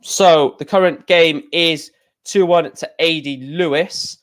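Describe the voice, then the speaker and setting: A man's voice: a little high, fairly even intonation, slow pace, a bit bright. A young man hosting a casual livestream, reading out match scores and rambling and correcting himself as he goes. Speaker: livestream host.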